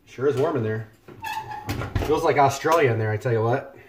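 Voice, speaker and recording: A man's voice: medium pitch, fairly quick, noisy background. Chatty man livestreaming his cooking. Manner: chatty, joking, thanks viewers by name. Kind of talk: casual live-stream chat while cooking. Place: home kitchen.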